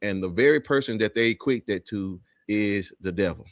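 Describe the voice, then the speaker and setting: A man's voice: lowish voice, normal speed, no echo, studio quality. A man hosting a live talk show, speaking in an emphatic, preachy way with many restarts.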